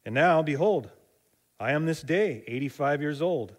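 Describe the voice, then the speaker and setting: A man teaching a Bible study in a relaxed, conversational way, retelling passages with asides and small fillers. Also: on the high side, moderate pace.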